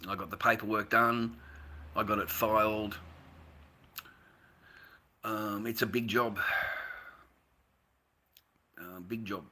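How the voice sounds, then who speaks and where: An Australian man with a very bright, sharp-edged voice, streaming live to his viewers. He rambles and swears constantly, one moment ranting at full tilt and the next trailing off low and weary. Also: steady tone, slow, pauses often, slight background noise. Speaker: livestream host. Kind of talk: casual livestream talk to viewers.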